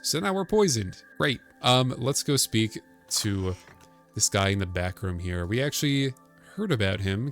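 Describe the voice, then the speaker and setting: A man giving casual, joking commentary while playing a video game, rambling and wry. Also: fairly low pitch. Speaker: let's play streamer.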